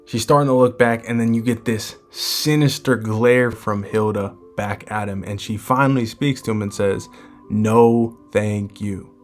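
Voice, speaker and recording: A man hosting a manga chapter breakdown, retelling the story in a relaxed, conversational way. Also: on the low side, normal speed, few pauses, faint music behind. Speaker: manga chapter recap host. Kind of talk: casual comic chapter breakdown.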